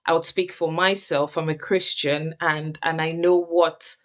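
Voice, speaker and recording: A woman's voice: low voice, flat delivery, measured pace. A woman hosting a reflective faith conversation, talking earnestly and searching for her words with many restarts. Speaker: host.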